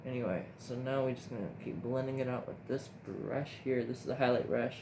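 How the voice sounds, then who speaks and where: A young man filming a casual makeup tutorial on his phone, rambling, chatty and easily excited, often talking to himself. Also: mid-range voice, a little fast, vocal fry. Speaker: makeup vlogger. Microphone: phone camera. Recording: steady background noise hiss.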